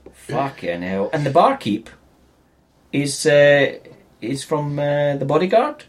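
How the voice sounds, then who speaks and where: A man co-hosting a comedic film review chat, swearing often and talking with animated exasperation. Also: fairly high pitch, slow pace, pauses often. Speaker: film podcast co-host.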